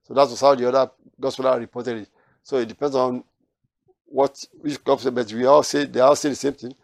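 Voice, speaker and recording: A man's voice: medium pitch, level tone, brisk, creaky, no room sound, studio quality. A man teaching a Bible study, reading verses aloud and then explaining them, with frequent restarts.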